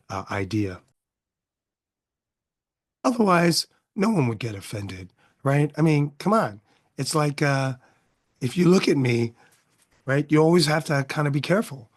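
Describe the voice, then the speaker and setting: Man musing aloud in a casual monologue. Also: medium pitch. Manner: conversational, rhetorical questions, frequent "right?". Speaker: podcast host.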